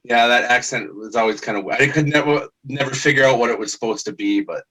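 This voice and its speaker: Podcast host guy, bright voice, easygoing questions. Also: mid-range voice, brisk, poor audio. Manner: relaxed, asks questions and rephrases them. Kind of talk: casual podcast interview.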